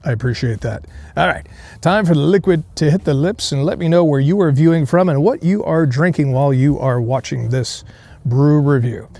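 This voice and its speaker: A man's voice: on the high side, normal speed, vocal fry, dark tone, faint music behind. A man hosting a casual beer review outdoors, rambling through jokey tasting notes with many fillers. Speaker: beer reviewer, show host. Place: outdoor beer garden on a cold day.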